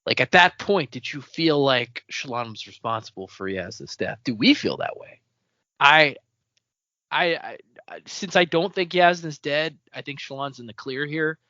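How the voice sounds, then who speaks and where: A man co-hosting a casual book discussion, excitable, stumbling over restarts and laughing often. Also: fairly high pitch, normal speed, no room sound. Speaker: podcast co-host. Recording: dull lo-fi audio.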